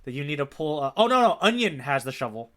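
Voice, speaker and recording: A man co-hosting a podcast, easygoing and agreeable in casual chat, quick to laugh. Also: on the high side, very animated, fairly bright tone. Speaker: podcast co-host.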